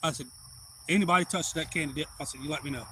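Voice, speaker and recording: A man telling a long story casually on a live stream, acting out quoted voices loudly. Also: a little high, rapid-fire, background noise.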